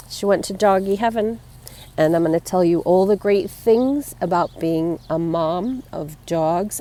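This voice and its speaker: A woman speaking straight to her viewers in a relaxed home-video way, with an everyday mid-range voice. She rambles from one thought to the next and laughs softly between them, and she sounds fond and tender when she talks about her pets. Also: medium pitch. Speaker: vlogger. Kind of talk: casual personal vlog.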